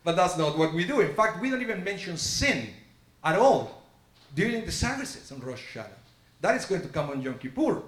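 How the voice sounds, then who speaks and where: A man's voice: big pitch swings, brisk, fairly bright tone. Man preaching a storytelling sermon. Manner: storytelling sermon, acts out dialogue with shifting pitch. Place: synagogue sanctuary. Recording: echoey sanctuary.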